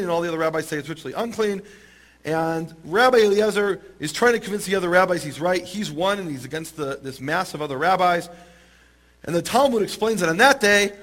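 A man telling a story in an animated, amused way to a listening audience. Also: high-pitched. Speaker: speaker. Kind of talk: storytelling talk.

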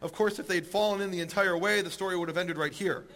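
Male preacher-storyteller, high voice, animated narration. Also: quick pace. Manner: animated, rising voice at climaxes. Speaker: speaker. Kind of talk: storytelling sermon.

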